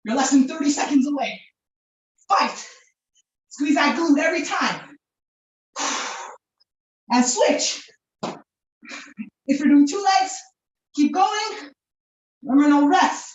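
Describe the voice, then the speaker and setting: A woman leading a live workout class, energetic and encouraging, laughing and whooping while out of breath. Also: sits high, takes it slowly, pauses often, far from the mic, highs cut off. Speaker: fitness instructor. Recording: echoey room, voice from off-mic.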